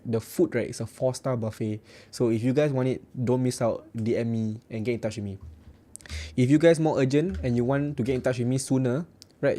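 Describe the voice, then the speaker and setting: A man's voice: mid-range voice, mellow. A young man with a Singaporean English accent hosting a casual trading livestream, reading out viewer comments and tagging "right" onto his sentences in a blunt, joking way. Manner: chatty, repeats "right" often, blunt and joking. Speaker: forex trading livestream host.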